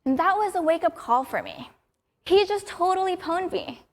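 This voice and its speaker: A woman's voice: very high-pitched, expressive, normal speed. A young adult woman giving a prepared conference talk in an upbeat, storytelling way. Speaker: conference speaker.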